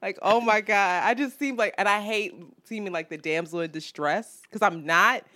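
Animated, foul-mouthed woman podcast host. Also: mid-range voice, normal speed. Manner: animated, profane storytelling with frequent laughs. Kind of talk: casual chat.

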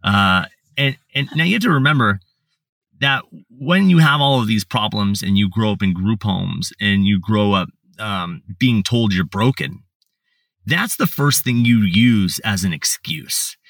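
Blunt, plain-talking man with a low voice, recorded dry and a little distant from the mic. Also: unhurried, creaky, a bit bright, dry recording. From United States. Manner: blunt, swears, lots of fillers and restarts. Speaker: podcast guest. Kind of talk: casual storytelling.

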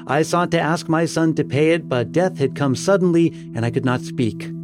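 A man's voice: a little high, normal speed, pitched above the performer's own voice, natural voice. A man voicing the harsh, bitter ghost of a dead peasant in a gothic story. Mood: regretful. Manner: harsh, railing. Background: music.

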